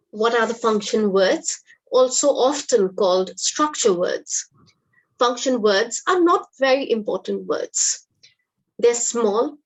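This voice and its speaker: Woman online teacher, raised pitch, upbeat and coaxing audience answers. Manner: upbeat, encouraging, quizzes the audience. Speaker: English teacher hosting a webinar. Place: online webinar.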